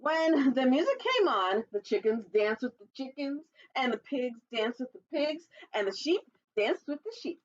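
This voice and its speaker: A woman children's librarian reading a picture book aloud for storytime, with playful, chatty asides to young listeners and squeaky animal calls. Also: sing-song, normal speed, hardly any pauses, highs cut off.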